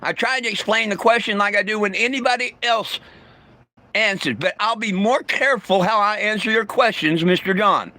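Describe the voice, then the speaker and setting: Addressing his stream audience in a profane, blunt rant, a man keeps stumbling and restarting his sentences. He speaks at normal speed in a high, bright voice with a forceful edge.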